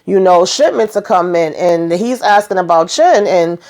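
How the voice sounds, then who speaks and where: A woman chatting casually as she recaps a show episode, animated and full of fillers, acting out the characters' lines. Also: on the low side, normal speed. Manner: chatty, heavy on fillers like "you know".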